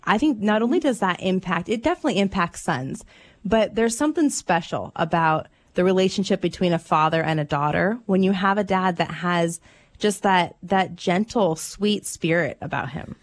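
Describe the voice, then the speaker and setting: A woman hosting a call-in radio show, chatting with callers and telling animated stories. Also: fairly low pitch, normal speed.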